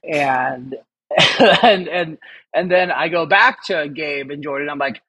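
A husky, slightly high-pitched man talks loosely as a guest in a casual interview. He rambles and swears freely, with frequent laughter breaking into his talk. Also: slow pace, bright, forceful tone, poor audio. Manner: rambling, profane, laughs often. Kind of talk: casual chat.

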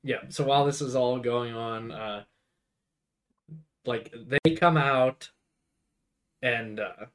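A young man co-hosting a laid-back podcast recaps a film scene by scene, rambling, using lots of fillers and quoting lines. His voice is medium-pitched and fairly bright, and he speaks slowly with long pauses.

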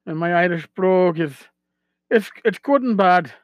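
A man's voice: high-pitched, dry recording, dull audio. A man hosting a solo podcast talks casually while he has a cold, taking his time, restarting often and adding asides. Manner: unhurried, with frequent restarts and asides. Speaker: podcast host.

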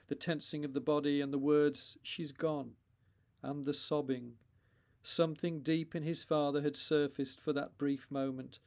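Man reading a story slowly, fairly high voice. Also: a little mellow. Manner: slow, deliberate, with pauses between phrases. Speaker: author reading his own story. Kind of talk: measured storytelling narration.

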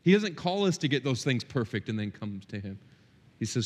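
A middle-aged male pastor preaching a sermon in a church, impassioned, swinging between loud peaks and quiet, intimate stretches. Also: medium pitch, big pitch swings, a little fast, long reverb tail. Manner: impassioned, rising and dropping sharply for emphasis. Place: church hall.

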